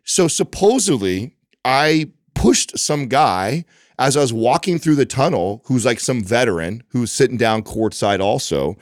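Man, podcast co-host, animated storyteller, swears freely, mid pitch. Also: unhurried, no room sound, studio quality. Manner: animated, profane anecdote-telling. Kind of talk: casual storytelling chat.

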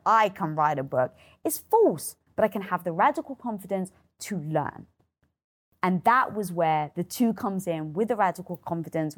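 A middle-aged woman speaks in an interview with a husky, slightly breathy tone. Her pitch swings widely as she acts out the voices in her head and drops into blunt swearing. The delivery is open, lively and conversational. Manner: animated, acts out her inner voice, swears freely. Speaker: guest.

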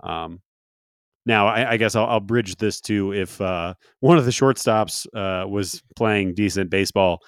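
A man's voice: on the low side, a little slow, dry recording, clean studio sound. A man co-hosting a sports podcast, talking in a rambling way with many fillers and restarts. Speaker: podcast co-host. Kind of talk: casual sports chat.

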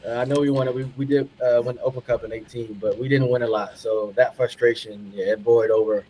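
A man, a guest on a podcast, telling stories in a relaxed way, laughing often and repeating words for emphasis. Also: medium pitch, quick pace, few pauses, a little hiss or hum, low-quality recording. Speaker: podcast guest, retired pro soccer player. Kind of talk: casual storytelling.

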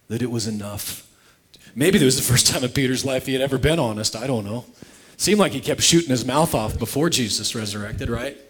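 A man's voice: mid-range voice, steady tone, fairly quick, breathy edge. A pastor preaching conversationally, making heartfelt appeals to his congregation. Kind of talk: sermon.

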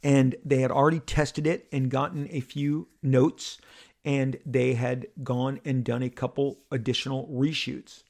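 A man hosting a podcast, telling a story in an animated monologue and acting out the people in it. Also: medium pitch, a little slow, vocal fry. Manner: excitable, acts out the crowd and others in bursts.

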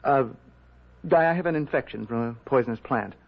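A man's voice: medium pitch, moderate pace, vocal fry. An actor playing a timid, evasive young man who hesitates and stammers, in a radio drama. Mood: defensive. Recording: muffled 1970s radio drama.

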